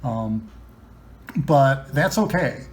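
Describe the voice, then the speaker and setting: A man's voice: mid-range voice, animated, extremely slow. A man giving a casual, chatty how-to, explaining guitar setup with many ums and restarts. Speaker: guitar builder demonstrating setup. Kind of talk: casual instructional talk.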